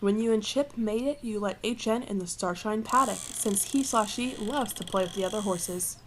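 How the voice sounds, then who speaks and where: A woman's voice: medium pitch, moderate pace, a little hiss or hum. A woman reading a fan story aloud in a playful way, breaking off for joking asides and laughing at her own reading. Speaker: channel host reading fanfiction.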